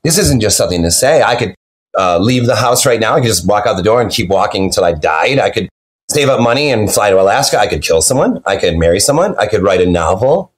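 An excitable man rambles through personal stories on a podcast, calling in remotely. His pitch jumps around a lot as he acts out each quote. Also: fast talker. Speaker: podcast guest. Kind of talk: animated storytelling in an interview. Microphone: video call.

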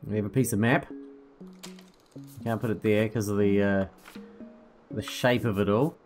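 A man's voice: on the low side, steady tone, normal speed, darkish tone. Brief: easygoing male gaming host, let's play chatter, faint music underneath. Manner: laid-back, chatty, thinking aloud.

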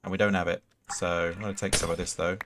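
Male game streamer, lower register, chatty, tangent-prone, casual swearing; faint hiss behind. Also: flat delivery, quick pace. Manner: rambling, chatty, answers viewer chat questions. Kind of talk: live gameplay commentary and chat.

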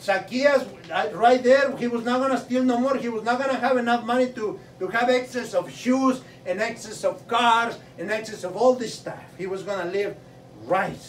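A man preaching a sermon with fervor, repeating a rhetorical question and building up to shouting. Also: very high-pitched, normal speed. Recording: roomy echo, mic at a distance, faint noise.

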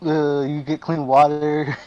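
A man's voice: on the high side, level tone, takes it slowly, a little mellow, dull audio. A young man reading out game events to friends, laughing and swearing in surprise. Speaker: gaming video host.

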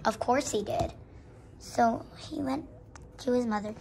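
A woman tells an improvised horse story in a loose, rambling way. Her voice is high and her pace slow. A faint hiss sits under the recording. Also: creaky, dark tone. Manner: rambling, informal. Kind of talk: casual improvised story narration.

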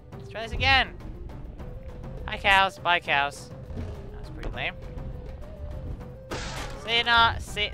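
During a let's play, a high-voiced male gamer gives excited, playful commentary, taunting his opponent and shouting when things happen.

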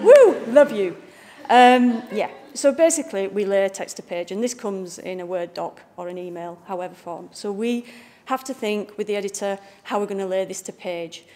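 A woman's voice: medium pitch, darkish tone. A woman with a Northern English accent, a picture book art director giving a chatty, jokey talk to a live audience. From Bradford, northern England. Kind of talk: informal public lecture. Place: library event room with a live audience.

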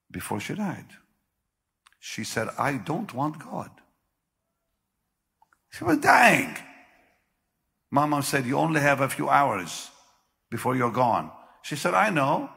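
An older man preaching a sermon, with sudden loud bursts and slow, drawn-out phrases. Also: on the low side, creaky. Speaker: pastor. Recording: long hall reverb.

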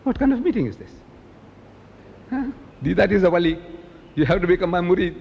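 An older man from South Africa giving an animated public lecture, telling stories and mimicking the people in them. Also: high voice, a little fast, creaky, in a large hall, highs cut off. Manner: animated storytelling, mimicking others. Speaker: preacher.

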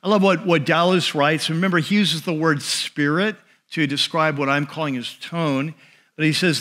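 A male pastor giving a sermon in a conversational way, slowing and dropping his voice on key phrases. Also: fairly high pitch, fairly even intonation, a bit bright. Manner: conversational preaching with restarts and asides.

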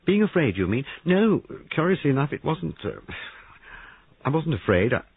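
A man's voice: mid-range voice, big pitch swings, slightly rough, no room sound, voice pushed up, full character voice. A man reading aloud and voicing a nervous young army deserter who stammers and halts. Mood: shaken. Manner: halting, stammering, raised voice. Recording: dry, tinny phone-like sound.

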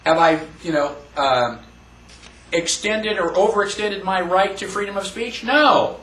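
A man's voice: high-pitched, unhurried, a bit bright. A man teaching a class in a lecture style, emphatic, asking the audience questions. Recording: roomy, distant mic.

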